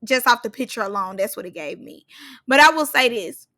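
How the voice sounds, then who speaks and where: Bright high-voiced woman recapping. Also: expressive, fairly quick. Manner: chatty, slangy, acts out quotes from the show. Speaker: reality TV reviewer. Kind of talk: casual recap commentary.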